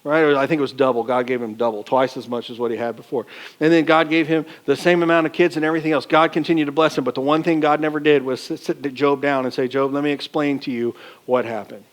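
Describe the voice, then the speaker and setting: A man's voice: on the high side, steady tone, fast. A male pastor preaching a sermon in a folksy, colloquial way, asking the congregation rhetorical questions.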